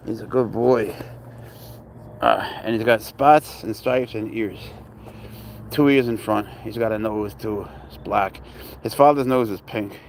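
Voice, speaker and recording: A man's voice: lowish voice, gravelly, slight background noise. Chatty man streaming with his cat. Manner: rambling, jokey, greets viewers by name, drifts quieter. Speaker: livestream host and serval cat owner. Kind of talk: casual livestream chat reading viewer comments. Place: home, indoors.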